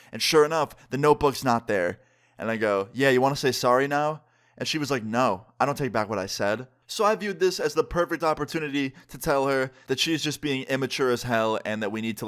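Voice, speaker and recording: A young man telling a personal story in casual storytime style, acting out dialogue and filling his speech with "like". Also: mid-range voice. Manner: animated, quoting others in quick dialogue with lots of "like".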